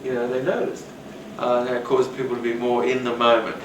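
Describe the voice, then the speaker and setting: A man's voice: medium pitch, brisk, slight background noise. Roomy distant man teaching. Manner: rambling, animated, acts out quoted voices. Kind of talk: teaching talk on rapport.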